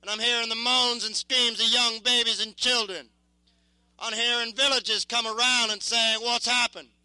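A young man in his twenties, a war veteran, giving impassioned spoken testimony in an intense, halting, repetitive way. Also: very high voice, flat delivery, sharp tone, clean tone, no echo, poor audio.

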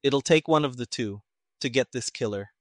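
A man voicing a quiet, composed male army captain who speaks slowly. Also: medium pitch, no room sound, studio quality, lightly acted. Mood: calm. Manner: quiet, slow.

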